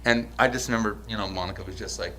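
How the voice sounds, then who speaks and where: A man's voice: fairly low pitch, very fast, over a noisy crowd. An American man in his forties on a podcast, telling a casual, profane story full of restarts. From United States. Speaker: podcast host.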